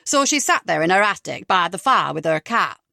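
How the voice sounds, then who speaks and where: A woman voicing a brash male stand-up comedian telling jokes loudly to a theatre crowd. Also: fairly low pitch, very animated, a little fast, gravelly, dry recording, clean studio sound, voice pushed down, full character voice. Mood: jokey. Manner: loud, punchy joke-telling.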